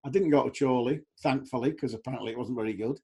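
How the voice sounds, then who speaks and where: A man's voice: mid-range voice, fast talker, warm tone, husky. A middle-aged man hosting a casual football chat, a chatty storyteller who livens his anecdotes by acting out other people. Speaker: podcast host.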